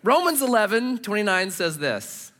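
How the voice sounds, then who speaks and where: Animated bright-voiced middle-aged male pastor. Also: sits high, moderate pace. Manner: animated, self-mocking, acts out his own reactions. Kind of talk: sermon with personal storytelling. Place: church stage.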